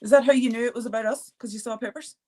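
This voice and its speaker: A woman's voice: a little high, fairly even intonation, rapid-fire, darkish tone. A woman hosting a live art therapy stream, chatting casually, laughing often and answering viewer comments as she goes. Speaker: art therapy session host.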